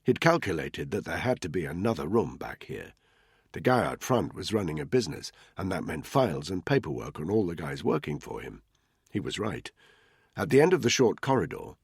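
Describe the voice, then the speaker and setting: A man narrating a thriller audiobook in a tense, measured storytelling manner. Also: sits low, vocal fry, slightly rough, no echo, studio quality. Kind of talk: scripted narration.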